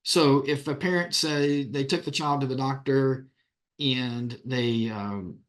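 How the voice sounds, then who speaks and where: A man's voice: medium pitch, fairly even intonation, slow. Plain-spoken man giving a conference talk. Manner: plain-spoken, acts out courtroom questions. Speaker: attorney.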